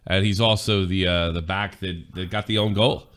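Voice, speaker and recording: A man co-hosting a casual sports podcast, chatty and quick with asides about the match. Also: low voice, steady tone, a bit bright. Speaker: podcast co-host.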